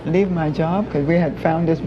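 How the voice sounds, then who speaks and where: Woman guest reminiscing, lowish voice, dull audio, crowd noise behind. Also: fairly even intonation, normal speed. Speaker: interview guest, mother. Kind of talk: reminiscing storytelling.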